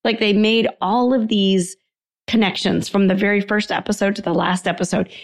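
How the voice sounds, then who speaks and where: A woman's voice: medium pitch, fairly even intonation, normal speed. A middle-aged woman talking casually as a panelist, chatty and enthusiastic as she tells a story. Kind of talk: casual chat.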